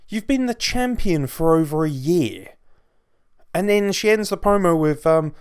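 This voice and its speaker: A man's voice: a little high, big pitch swings, a little slow, clear, resonant tone, no echo, clean studio sound. A man giving a casual, opinionated wrestling review, blunt and emphatic and swearing freely.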